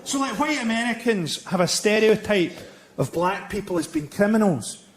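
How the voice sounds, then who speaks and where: A man performing a stand-up routine with a deadpan, biting delivery. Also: high voice, normal speed. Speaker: stand-up comedian. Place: theatre stage with audience. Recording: live show with loud audience laughter.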